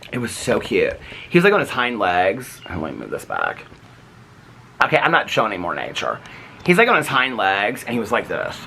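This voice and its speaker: A middle-aged man vlogging at home in casual chat, excitable and chatty, breaking off now and then to talk about animals in the yard. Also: on the low side, a little fast, vocal fry, a little hiss or hum.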